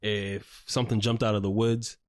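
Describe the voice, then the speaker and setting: A man's voice: fairly low pitch, flat delivery, moderate pace, no echo, clean studio sound. A man hosting a podcast, recounting a story in a rambling, casual way with lots of filler words and swearing. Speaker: podcast host. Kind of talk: casual chat.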